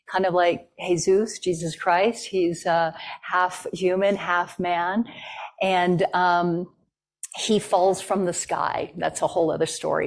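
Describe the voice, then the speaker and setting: A woman giving a talk and telling a traditional story in a conversational way, with fillers. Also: fairly low pitch. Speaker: guest speaker.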